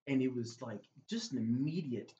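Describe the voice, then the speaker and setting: A man's voice: mid-range voice, expressive, normal speed, warm tone, a little hiss or hum. Guy telling a heartfelt faith story in an interview, says man a lot, echoey room, kinda muffled. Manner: earnest storyteller, fillers like "man" and "brother". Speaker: guest. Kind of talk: faith testimony in conversation. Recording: roomy, slightly dull recording.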